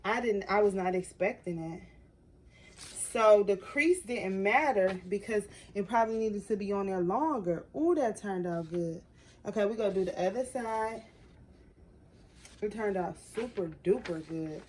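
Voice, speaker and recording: A young adult woman who runs a crafting vlog chats casually while working on a project, calling her viewers "y'all" and reacting emotionally as she goes. Her voice is medium-pitched with a darkish tone and measured pace, in a rough recording with a little hiss or hum.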